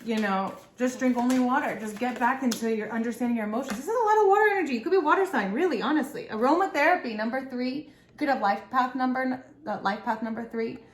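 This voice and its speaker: In an echoey room with faint noise in the background, a woman gives an easygoing pick-a-pile tarot reading straight to her audience. Her pitch is fairly high and her pace quick with few pauses, and her manner is chatty and encouraging.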